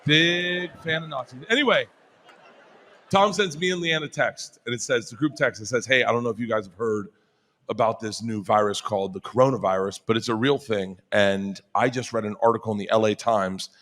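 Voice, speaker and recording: A man telling a stand-up story, laughing as he goes and shouting the punchlines. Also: medium pitch, fairly quick. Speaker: stand-up comedian.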